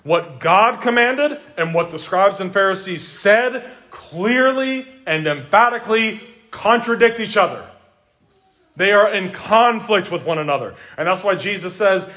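High-voiced emphatic male preacher. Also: expressive, moderate pace, bright, forceful tone. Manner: emphatic, repeats words for stress; addresses listeners directly. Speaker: pastor. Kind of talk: sermon.

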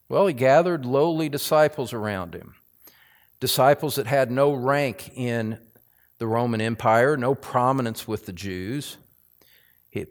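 A male pastor preaching a sermon, building to emphatic, forceful stress on key lines. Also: medium pitch. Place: church sanctuary.

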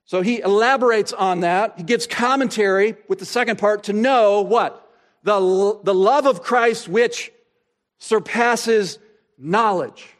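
A male pastor preaching a sermon, asking rhetorical questions and pausing for effect, slowing down to stress key phrases. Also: high-pitched. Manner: expository preaching, rhetorical questions, dramatic pauses.

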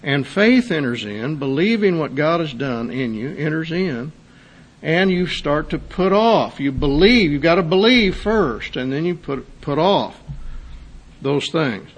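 Guy preaching a sermon, kind of gravelly, reads a story then gets worked up making the point. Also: a little high, lively intonation, unhurried. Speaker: pastor.

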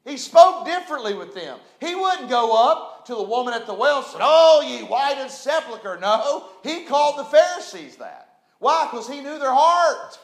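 High-voiced pastor preaching. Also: male voice, sing-song, moderate pace, a bit bright. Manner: preaching with call-and-response, dramatic swells. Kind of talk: sermon. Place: church sanctuary. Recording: echoey church room.

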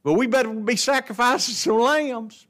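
A man teaches an adult Bible class with a high, light voice. He talks in a folksy, plain way and keeps putting questions to the room. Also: moderate pace, fairly bright tone. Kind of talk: Bible lesson. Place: church classroom.

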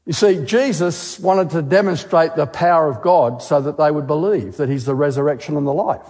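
A man's voice: on the high side, moderate pace, darkish tone. A man giving a sermon as a guest speaker, asking questions and repeating key words for emphasis. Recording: long hall reverb.

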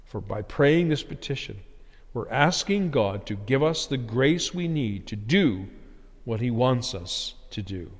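Pastor, male, earnest sermon delivery with lively, swooping emphasis; long hall reverb. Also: mid-range voice, unhurried. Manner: earnest preaching, rising emphasis on key phrases.

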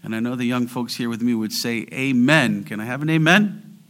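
A man preaching a sermon as pastor, earnest and building to fervent exhortation, sometimes slowing down or dropping to a near whisper for emphasis. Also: mid-range voice, a bit bright.

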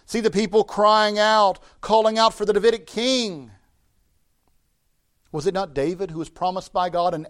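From the pulpit, a middle-aged pastor with a fairly high voice delivers a sermon. He rises to emphatic, ringing declarations, then lets the ends of his phrases drop low and soft.

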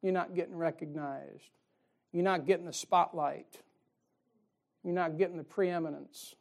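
A man's voice: a little high, steady tone, measured pace, creaky, highs cut off. A male pastor preaching a sermon in a folksy way, firing rhetorical questions at his congregation.

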